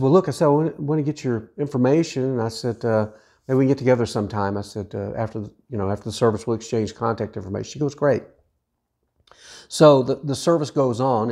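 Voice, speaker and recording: A man's voice: mid-range voice, mellow. A middle-aged widowed man telling a personal story in an earnest way, often repeating himself and restarting his sentences. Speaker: widowed vlogger.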